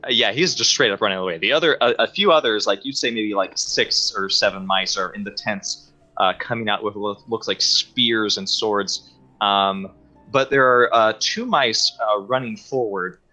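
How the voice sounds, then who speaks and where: A man narrating a tabletop game as game master, halting with many fillers. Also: lowish voice, pushed and bright. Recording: slightly dull audio with faint music.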